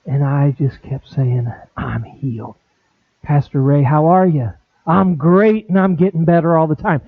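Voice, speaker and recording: A middle-aged pastor preaching a sermon, animated, acting out quoted conversations with big swings in voice. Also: male voice, on the high side, measured pace, no room sound. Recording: dry, tinny phone-like sound.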